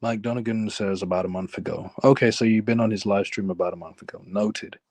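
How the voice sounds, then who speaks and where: Man from London, live stream host, low voice, dry close mic, calm casual chat reading comments. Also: brisk, no room sound. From London, England. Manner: calm, low-key, reads chat aloud.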